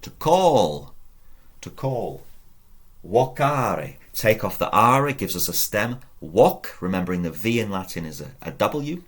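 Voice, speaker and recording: A man's voice: on the low side, sing-song, measured pace. A man teaching Latin at a whiteboard, patiently drilling verb endings aloud and encouraging his viewers. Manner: patient, drills conjugations aloud with rising emphasis; encouraging, addresses viewers directly. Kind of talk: whiteboard lesson.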